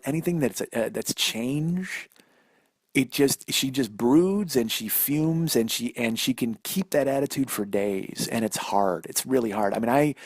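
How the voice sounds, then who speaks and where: A man in his forties tells a long personal story on his own podcast. He rambles, swears freely and mocks himself, and his middle-pitched voice sounds dry and close, recorded on a phone. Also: no room sound. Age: 40s. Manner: rambling, self-deprecating, profane. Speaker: podcast host. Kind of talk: solo storytelling monologue.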